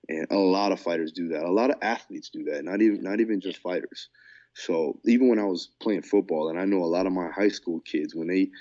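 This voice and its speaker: A man's voice: sits low, warm tone, highs cut off. A man co-hosting a podcast as a fight coach, talking in a laid-back, casual way and often saying "man". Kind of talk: casual chat.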